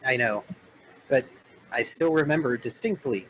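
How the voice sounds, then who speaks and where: A man's voice: mid-range voice, normal speed, a bit bright, slight background noise, rough recording. A man running a tabletop role-playing game, narrating the story dramatically and joking with his players. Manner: storytelling, playful asides. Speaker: game master.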